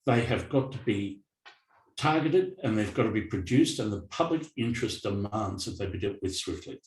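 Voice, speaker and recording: A middle-aged Australian man speaking bluntly as a guest on a live panel, telling animated stories. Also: fairly low pitch, moderate pace. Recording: echoey event room.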